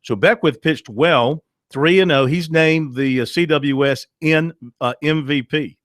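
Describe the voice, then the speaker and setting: A man's voice: a little high, a bit bright, no echo. Dry-voiced male sports radio host. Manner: conversational, recaps plays with frequent uh pauses.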